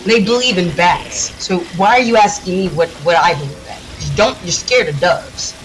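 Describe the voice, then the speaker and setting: A woman from the United States, a gaming streamer, ranting in a heated, profane, rapid-fire way while she plays. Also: on the low side, poor audio. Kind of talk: casual ranting during a livestream.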